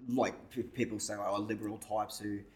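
A man's voice: fairly low pitch, little pitch movement, moderate pace. An Australian man co-hosting a podcast, talking through his views in a thoughtful, rambling casual chat. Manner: thoughtful, rambling, with restarts and swearing. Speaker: podcast co-host.

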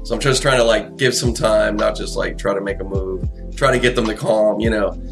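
A man's voice: on the low side, steady tone, fairly quick, vocal fry, over music. A man in a casual chat, telling a long, profane story with lots of restarts and fillers.

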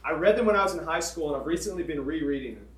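Animated man preaching through a story. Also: a little high, rapid-fire. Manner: animated, conversational, emphatic. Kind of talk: storytelling sermon. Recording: echoey room, distant mic.

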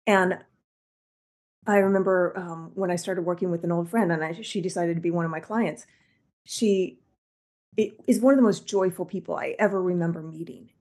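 A woman's voice: on the low side, steady tone, normal speed. Curious woman host asking questions. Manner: curious, warm questioning, emphatic. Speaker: podcast host. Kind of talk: interview conversation.

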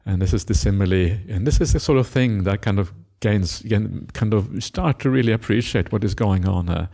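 A monk giving a Buddhist dharma talk, retelling a scripture story with many "uh" fillers and acted-out quotes. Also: male voice, lowish voice, moderate pace, vocal fry, dark tone.

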